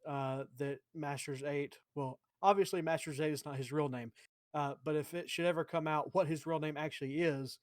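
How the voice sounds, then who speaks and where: A man's voice: a little high, steady tone, moderate pace, hardly any pauses, no room sound, clean studio sound. A man chatting casually on a podcast about his own writing, rambling, with fillers and self-corrections.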